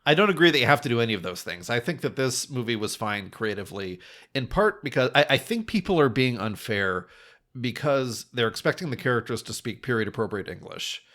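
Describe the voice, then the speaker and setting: A man's voice: mid-range voice, sing-song, fairly quick, fairly bright tone. A man co-hosting a film podcast, talking casually and rambling with many fillers and restarts. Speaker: podcast co-host.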